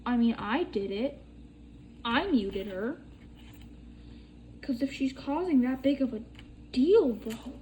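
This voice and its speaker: Young woman rambling thru a craft tutorial, swears a lot, slow easy talk. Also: fairly high pitch, animated, mellow, slight background noise. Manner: chatty, swears casually, rambling storytelling. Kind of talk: casual chat while demonstrating bead crafting.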